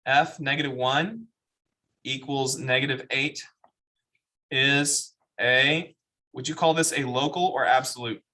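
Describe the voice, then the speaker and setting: Man, math teacher, lecturing a class, bright tone, asks questions as he goes. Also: mid-range voice, steady tone, unhurried.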